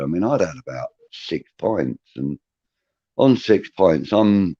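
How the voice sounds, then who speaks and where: A middle-aged man with a low voice tells a long, rambling story in a casual way. The recording is dull and dry. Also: lively intonation, a little slow, mellow, husky, no room sound. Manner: rambling, anecdotal. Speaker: podcast co-host.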